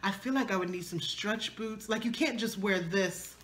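Bright-voiced chatty woman vlogger. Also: mid-range voice, normal speed, slight background noise. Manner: animated, chatty, acts out arguments with her husband in playful voices. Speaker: fashion vlogger. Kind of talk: casual thrift haul chat.

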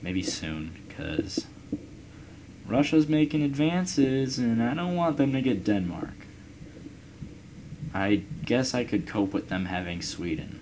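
A man's voice: mid-range voice, big pitch swings, slow pace, pauses often, low-quality recording. A young man giving rambling, profane, casual commentary while playing a strategy game. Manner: rambling, profane, musing aloud. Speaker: let's play gamer. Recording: loud background noise.

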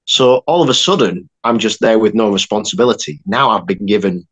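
A young man, an actor and filmmaker, telling a lively story on a podcast with quick asides. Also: lowish voice. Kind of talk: casual anecdote telling.

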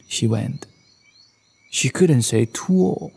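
A man narrating a children's bedtime story in a gentle read-aloud manner, recorded in a studio. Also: mid-range voice, takes it slowly, creaky, husky. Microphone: studio microphone.

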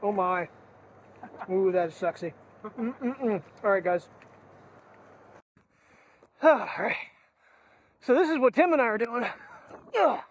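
A man's voice: sits high, lively intonation, takes it slowly, long pauses, breathy edge. A man chatting casually through a daily vlog outdoors, laughing often and talking to his dogs on a clip-on mic. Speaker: vlogger. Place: outdoors with dogs in cold air. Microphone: wireless clip-on mic.

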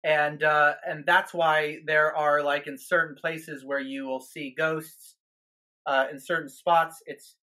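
A man's voice: fairly high pitch, flat delivery, slow, sharp tone. A man who is a guest minister on a podcast, telling a story in an earnest way, with many restarts and repeated words.

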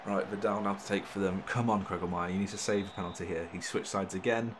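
A young man talks through his football management game in casual commentary. His voice sits low and he gets loud and excitable at big moments. A faint background hiss sits under the recording. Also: fast. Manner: excitable, swearing mildly in exclamations. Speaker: gaming channel host. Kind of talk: gameplay commentary.

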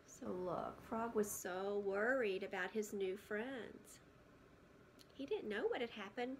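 A woman preschool teacher reading a picture book aloud to children, gentle and often hushed, stopping to ask questions. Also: medium pitch, slow pace, a little hiss or hum.

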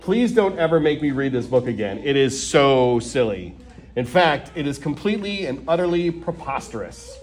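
A man reading a children's book aloud, animated and playful, with mock protests and gleeful nonsense sounds. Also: mid-range voice, moderate pace. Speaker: storytime reader.

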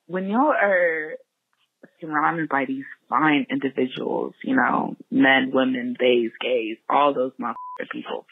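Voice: medium pitch, steady tone, unhurried, no room sound. A caller phoning in to a podcast, gushing and swearing in a rowdy way. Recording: husky tinny phone line.

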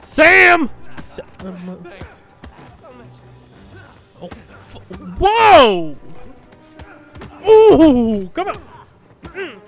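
A man playing a video game and reacting loudly, swearing, yelling and laughing at what happens on screen. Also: very high voice, very animated, very slow, long pauses, faint music behind. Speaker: gaming commentator. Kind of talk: let's play commentary.

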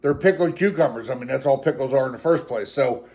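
A man's voice: medium pitch, fast, darkish tone. A young man hosting his own challenge channel, out of breath and stuffed, chatting casually to viewers. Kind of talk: casual vlog talk.

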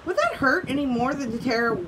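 A woman's voice: high-pitched, sing-song, brisk, distant mic, noisy background. A woman reading aloud and voicing a big, timid male lion in a lightly changed reading voice. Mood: hesitant.

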